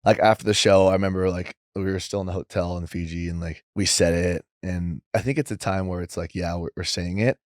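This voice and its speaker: A young man talking as a podcast guest in a rambling, casual way, saying "like" a lot and quoting others in lively voices. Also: low-pitched, fairly quick, few pauses, dry recording, clean studio sound. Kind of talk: casual interview chat.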